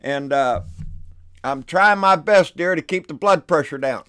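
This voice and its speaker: A man, hosting his own channel in a casual, excitable, folksy way, slightly out of breath. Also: a little high, a little slow, clean tone. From Texas, USA. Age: 60s. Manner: excitable, folksy, repeats himself. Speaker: channel host. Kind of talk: casual political vlog chat.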